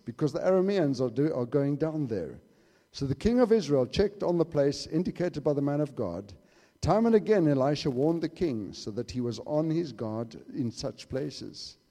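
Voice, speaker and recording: A male preacher with a high yet mellow voice delivers a sermon, pressing his points hard and then dropping to a hush. His words ring out with a long reverberant tail, as though he is speaking in a church hall. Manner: emphatic, swinging from loud to hushed.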